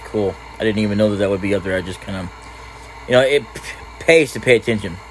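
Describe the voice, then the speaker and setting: A man's voice: on the low side, fast, slight background noise, poor audio. A man casually commentating a game he plays, rambling and trailing off between thoughts. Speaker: gaming channel host. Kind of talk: casual let's-play commentary.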